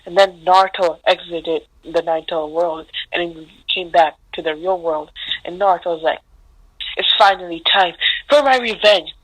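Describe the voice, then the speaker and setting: A woman with a fairly low voice tells a fan story off the cuff. She chains each event to the next with "and then" and barely pauses. The sound is dry and close to the mic. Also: no room sound, low-quality recording. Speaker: narrator of a fan what-if story. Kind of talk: casual improvised storytelling.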